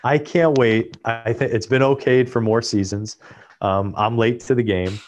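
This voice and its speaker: A man's voice: mid-range voice, steady tone, a little slow, darkish tone. A man co-hosting a podcast, talking enthusiastically in a casual, rambling way. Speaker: podcast co-host. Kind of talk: casual chat.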